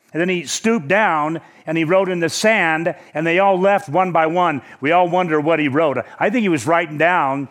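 A man with a slightly raised voice preaches a sermon, talking the congregation through the text in a plain conversational way. He slows down sharply to hammer home the words that matter, with touches of light humor. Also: fairly high pitch, a bit bright. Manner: emphatic, slows down to stress key words.

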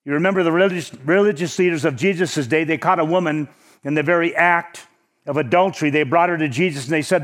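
A man preaching a sermon in a conversational teaching manner, slowing down to stress key words. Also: fairly high pitch, fairly bright tone.

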